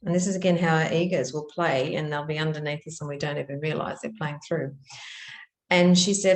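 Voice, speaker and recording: A middle-aged woman teaching about spiritual practice in a gentle, earnest manner, telling stories with soft restarts. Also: low voice, fairly even intonation, brisk, reverberant. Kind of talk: reflective spoken teaching.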